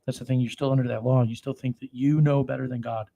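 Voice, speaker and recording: A man preaching, who reads scripture slowly and solemnly, then breaks into crude, swearing commentary with loud outbursts. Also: mid-range voice, fairly even intonation, gravelly. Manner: profane, swings between slow solemn reading and loud outbursts.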